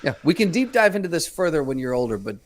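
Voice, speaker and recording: A man co-hosting a podcast, listening and reacting warmly with quick agreement. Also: fairly high pitch, sing-song. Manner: supportive listener, quick affirmations. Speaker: podcast co-host. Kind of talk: casual chat.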